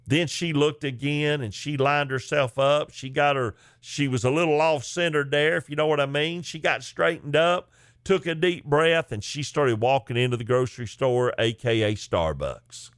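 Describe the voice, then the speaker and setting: A man's voice: on the high side, normal speed, a bit bright, smooth, no echo, clean studio sound. A man, a comedian telling a funny story in a folksy, chatty way. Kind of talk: comic storytelling.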